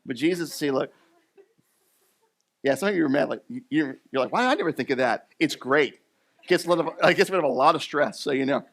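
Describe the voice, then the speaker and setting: A man with a slightly high voice preaching a sermon in a relaxed, chatty tone. He tells his stories animatedly, trips over his words and restarts them. He is a pastor from the US East Coast. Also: brisk, long pauses. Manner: animated storytelling with lots of fillers and restarts. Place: church.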